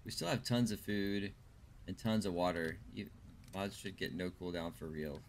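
A man's voice: sits low, fairly even intonation, normal speed, slight background noise. A man casually commenting while he plays a video game and chats with viewers, thinking aloud as he goes. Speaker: streamer.

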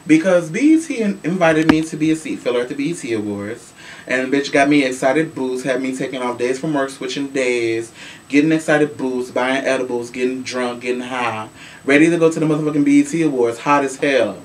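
A man from Chicago hosting a casual celebrity gossip show, sassy and animated, swearing freely. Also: mid-range voice, brisk. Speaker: show host. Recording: voice from a distance with faint room noise.

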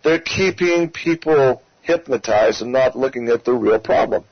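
A man with a mid-range, unhurried voice hosts a talk radio show, delivering an emphatic, ranting opinion monologue and repeatedly addressing his listeners as folks. The recording is muffled but has no echo.

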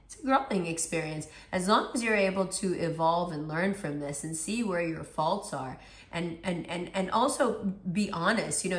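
A woman with a hoarse, partly lost voice giving a casual tarot reading, talking conversationally and asking her listeners rhetorical questions. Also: lowish voice, normal speed. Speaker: tarot reader.

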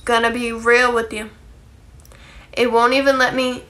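A woman's voice: on the high side, flat delivery, measured pace, bright, forceful tone, a little hiss or hum. A young woman chatting casually on a phone livestream, rambling with lots of likes and ums and casual swearing.

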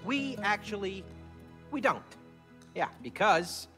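A man's voice: high voice, very animated, slow, bright, forceful tone, long reverb tail, soft background music, heavily acted. A man voicing a sulky husband in a marital squabble, with dismissive remarks. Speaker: game character.

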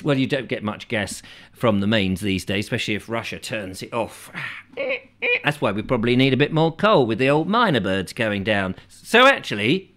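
A man's voice: mid-range voice, a bit bright. Male host, middle-aged, rambling comic monologue, sing-song delivery that swoops up and down. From England. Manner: whimsical, chatty, muses aloud, slips into silly character voices.

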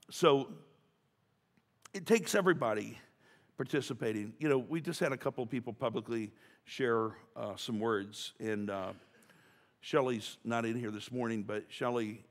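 Chatty pastor in a reverberant church. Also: male voice, mid-range voice. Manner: chatty, joking, many restarts and asides. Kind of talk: casual sermon. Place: church sanctuary.

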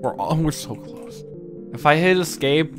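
Young guy streaming a game, swearing and laughing, voice jumping all over, slow drawl, faint game music. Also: a little high. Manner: animated, swings from mumbling to loud yelling and laughter; profane, jokey. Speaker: gaming YouTuber. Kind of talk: let's play commentary.

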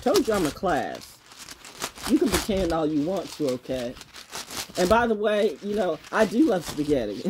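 A woman vlogging in a casual livestream monologue, blunt and swearing, laughing often and swinging from loud shouting to low muttering. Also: sing-song, normal speed, slight background noise. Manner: blunt, swears, trash-talking.

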